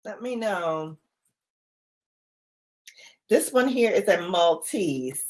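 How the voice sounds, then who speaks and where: Chatty, animated middle-aged woman. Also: lowish voice, drawn-out words. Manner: chatty, laughs often, reads out viewer comments. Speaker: livestream host. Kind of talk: casual livestream chat.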